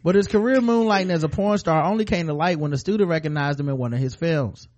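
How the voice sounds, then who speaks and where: A man's voice: on the high side, fast talker, a little mellow. A man co-hosting a comedy podcast, reading a news story aloud and breaking off for crude jokes. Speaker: podcast co-host. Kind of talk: comic news read with banter.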